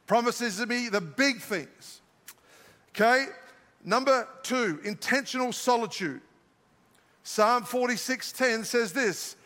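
Older Australian pastor, high bright voice. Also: male voice, big-room sound. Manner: joking, self-mocking asides. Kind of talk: sermon. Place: large church auditorium.

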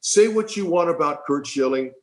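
A man's voice: on the high side, animated, moderate pace, poor audio. A middle-aged man, a former ballplayer, telling a heartfelt story in an interview, rambling and repeating himself. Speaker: former baseball player, guest.

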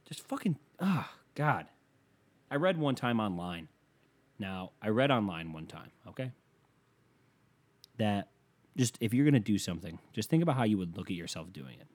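A man's voice: medium pitch, expressive, brisk. A man doing a rambling, profane stand-up rant, talking casually and losing his thread at times. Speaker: comedian.

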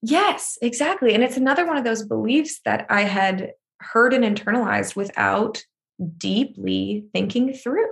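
A woman's voice: fairly high pitch, unhurried, gravelly. A woman author being interviewed, talking openly and often laughing as she speaks. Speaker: author and guest. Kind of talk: emotional conversational interview.

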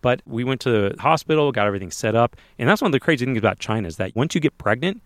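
Fast-talking man telling a story. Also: mid-range voice, no room sound, clean studio sound. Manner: animated, acts out others' lines in voices. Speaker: podcast co-host telling a personal story. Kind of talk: casual interview storytelling.

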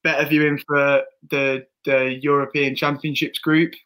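A man's voice: on the high side, little pitch movement, measured pace, fairly bright tone, smooth, poor audio. A man co-hosting a casual football podcast, rambling and opinionated, often restarting his sentences. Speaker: podcast co-host.

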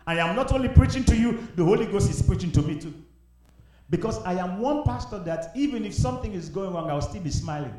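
A young adult male pastor preaching a sermon, swinging between shouted exhortation and quiet confiding. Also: high-pitched. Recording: echoey hall, voice from far off.

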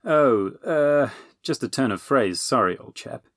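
A man voicing a cheerful, fussy male wizard, chummy and brisk. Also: mid-range voice, animated, a bit bright, no room sound, clean studio sound, voice pushed up.

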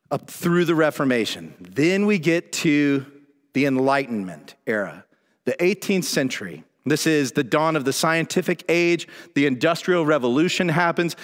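A man preaching a conversational sermon as pastor, sometimes dropping to a low hush. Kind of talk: sermon with a dramatic reading. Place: large church hall. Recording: long reverb of a large hall.

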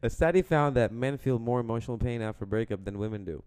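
A man's voice: mid-range voice, quick pace, darkish tone, smooth. A young adult man co-hosting a podcast in casual chat, teasing, rambling and laughing often. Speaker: podcast co-host.

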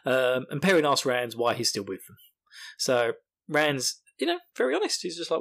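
A man's voice: fairly high pitch, very animated, moderate pace, creaky, fairly bright tone. A man casually recapping a book chapter, rambling, swearing freely and laughing often. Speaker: podcast host.

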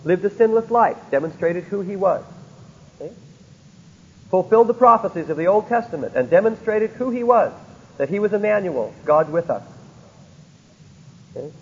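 A man's voice: sits high, expressive, normal speed, long pauses, slightly rough. A man teaching a Bible lecture, often stopping to ask his listeners rhetorical questions to check they follow. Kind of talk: recorded theology lecture. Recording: dull lo-fi recording in a reverberant hall.

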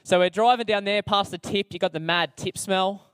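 With a steady, fairly bright, clean tone at normal speed, a young Australian man gives his testimony in a chatty, self-mocking way, heavy on slang and fillers. His voice runs a little high for a man, and the dry recording has no echo or room sound.

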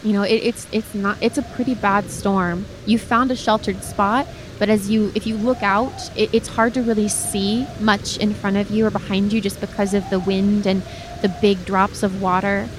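A woman's voice: mid-range voice, flat delivery, moderate pace, noisy background. A woman narrating a tabletop game as game master, describing scenes with frequent restarts and addressing the player by name.

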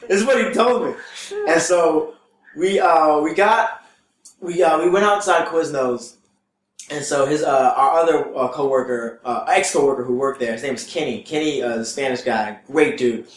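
Young comedian guy telling a story, kinda high voice, jumps around a lot doing the voices, echoey room. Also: moderate pace. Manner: animated, acts out quotes with big pitch jumps, laughs often. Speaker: stand-up comedian guest. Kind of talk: storytelling in a casual interview.

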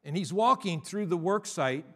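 A male preacher delivering a sermon. He drops low and quiet to tell his stories, then climbs louder and higher to stress his points. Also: lively intonation, normal speed. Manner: swings from hushed storytelling to loud emphatic declaring. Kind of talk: sermon with storytelling.

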